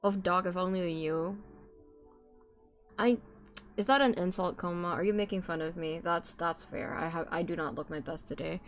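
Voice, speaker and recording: A woman's voice: fairly low pitch, moderate pace. Chatty woman streaming a game. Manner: chatty, laughs, repeats herself. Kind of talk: casual game commentary.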